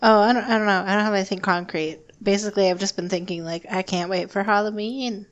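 A woman's voice: mid-range voice, steady tone, quick pace, muffled recording. A woman in casual chat with friends, easygoing and laughing along.

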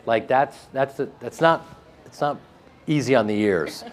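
A man with a flat Midwestern American accent, interviewed about his acting work, joking and self-deprecating with frequent restarts. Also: mid-range voice, a little slow. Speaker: actor interviewed. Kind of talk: casual interview chat.

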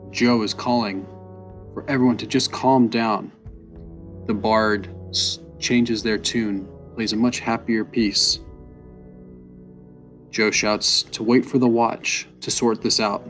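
Low-voiced man narrating a fantasy tale. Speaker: storyteller. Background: soft guitar music.

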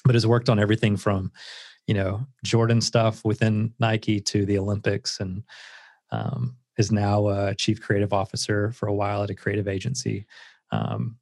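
A man's voice: fairly low pitch, moderate pace, vocal fry, a little mellow, no room sound, clean studio sound. A man speaking as a guest author in a casual interview, earnest and reflective, with many filler words.

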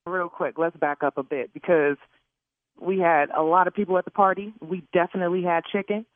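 A woman's voice: fairly low pitch, fairly even intonation, brisk, dry recording. Indignant woman on a tinny phone line. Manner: indignant, cursing. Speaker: caller pranked on air. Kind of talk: heated phone argument.

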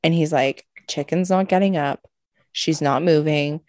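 A woman co-hosting a podcast, telling a story in a lively, casual way, swearing freely and acting out what people said. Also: low-pitched, a little slow, no echo. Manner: animated, swears a lot, acts out quotes. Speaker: podcast co-host.

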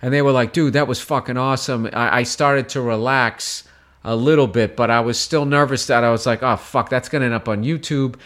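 A man, a comedian guest, telling a story in casual chat, profane and animated, acting out shouted quotes. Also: mid-range voice, brisk.

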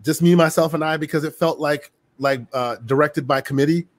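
A man hosting a casual gaming podcast, talking in an animated, chatty way with lots of fillers and restarts. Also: a little high, fairly quick. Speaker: podcast host.

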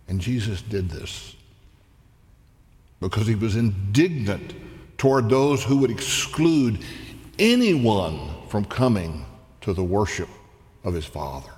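A male pastor delivers a sermon at an unhurried, measured pace, letting his voice climb whenever he quotes scripture. His voice carries a long reverb, as if recorded in a large hall. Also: a little mellow. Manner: slow, deliberate preaching that rises in pitch on quoted scripture.

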